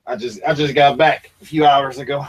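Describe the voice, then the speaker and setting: A man's voice: medium pitch, fairly even intonation, brisk. A man, chatting as a guest on a video call in an easygoing, folksy, joking way. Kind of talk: casual chat.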